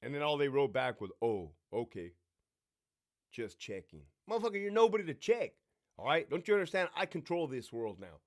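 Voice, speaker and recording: A man's voice: fairly high pitch, quick pace. A middle-aged man hosting a live Q&A, telling stories in a brash, profane way and mimicking the people in them. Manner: brash, swearing, animated storyteller mimicking others. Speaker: livestream host.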